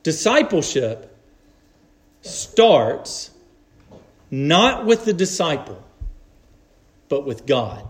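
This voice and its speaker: Slow, high-voiced man preaching a sermon. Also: very animated. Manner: earnest, measured preaching with emphatic pauses.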